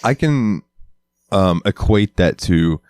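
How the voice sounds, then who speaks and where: A man's voice: animated, slow pace, a little mellow, clean tone, no echo. A man co-hosting a casual podcast on a headset mic, laughing and swearing as he jokes around. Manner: laughing, swearing, breaks into silly high-pitched impressions. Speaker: podcast co-host. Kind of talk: casual chat.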